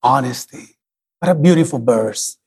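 A middle-aged man with a Spanish accent preaches a fervent bilingual sermon, his voice sitting unusually high. He pleads and repeats his phrases. A long reverb from the church hall trails after his words. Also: moderate pace, a little mellow.

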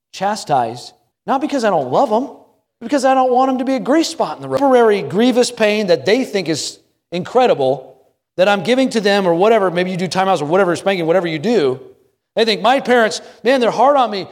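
A man's voice: high-pitched, a little mellow, big-room sound. A middle-aged man preaching a sermon, telling a story dramatically and building repeated refrains. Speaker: pastor. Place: church sanctuary.

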